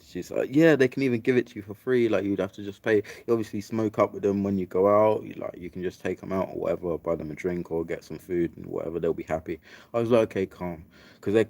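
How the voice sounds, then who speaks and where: Deep-voiced sweary young man. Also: darkish tone. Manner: sweary, rambling, repeats "like, literally" and "mate". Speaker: storyteller. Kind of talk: casual storytelling.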